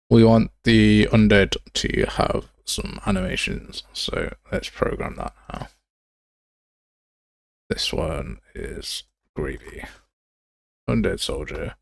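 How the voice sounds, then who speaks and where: A man's voice: on the low side, vocal fry, no room sound. A young man streaming game development live, chatting casually with viewers and calling them mate and pal. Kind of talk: live coding stream chat.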